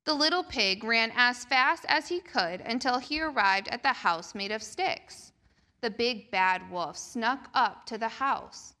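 A woman reading a picture book aloud to children during a church service, slow and expressive. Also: a little high. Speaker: children's storyteller.

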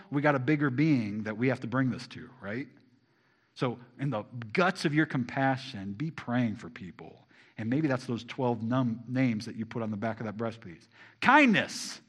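A man preaching a sermon to a congregation, asking them rhetorical questions and swinging between loud emphasis and quiet asides. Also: mid-range voice, animated, moderate pace. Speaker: pastor.

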